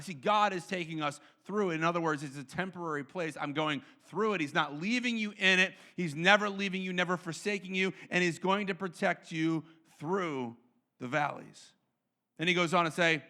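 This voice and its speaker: A man preaching a sermon in an animated way, acting out quotes and often repeating himself. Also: on the high side, moderate pace. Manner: repeats words and restarts often. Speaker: pastor.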